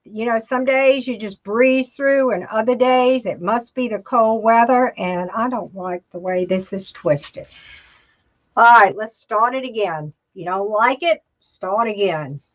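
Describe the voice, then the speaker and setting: Woman, live craft tutorial host, slow and chatty, talks to herself while working, mid pitch, dull lo-fi stream audio. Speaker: craft instructor.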